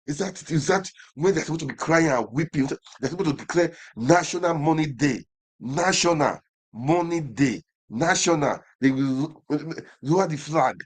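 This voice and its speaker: A man's voice: a little high, moderate pace, few pauses, slightly rough. A man with a Nigerian accent hosting an online show, delivering an impassioned commentary monologue full of repeated phrases and rhetorical questions.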